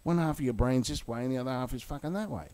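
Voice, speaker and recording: A man's voice: medium pitch, rapid-fire, warm tone. A man ranting heatedly and swearing bluntly about the crypto market, then walking through chart analysis in a video. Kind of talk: angry rant and chart commentary.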